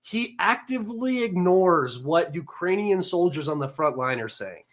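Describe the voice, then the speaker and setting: A man hosting a livestream, talking in a mocking, sarcastic and combative way, excitable and a little manic. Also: sits high, unhurried. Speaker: livestream host. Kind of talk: casual livestream commentary.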